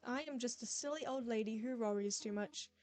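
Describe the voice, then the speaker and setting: A woman voicing a gentle, motherly goat monster queen in a game, speaking in a soft, formal, reassuring way. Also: fairly high pitch, brisk, lightly acted. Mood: soothing.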